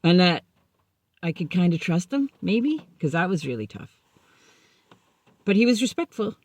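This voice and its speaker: A woman's voice: lowish voice, moderate pace, no room sound. Candid woman telling her recovery story. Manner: animated, acts out remembered dialogue. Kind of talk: personal storytelling.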